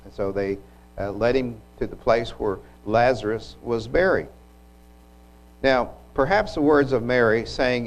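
A man preaching a sermon, retelling scripture in an unhurried, reflective way with occasional restarts. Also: mid-range voice, poor audio.

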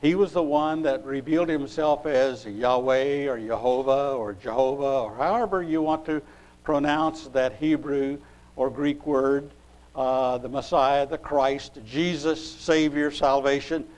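A man preaching a sermon, reading scripture aloud and pausing as he looks up verses. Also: a little high, darkish tone, poor audio. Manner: unhurried, pausing while looking up verses.

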